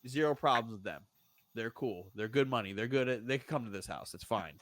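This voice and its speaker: A man's voice: medium pitch, fairly quick, no room sound. A man in casual sports chat who talks bluntly and swears freely. His voice sits mid-range and sounds very dry and close. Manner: blunt, profane, animated. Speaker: podcast co-host.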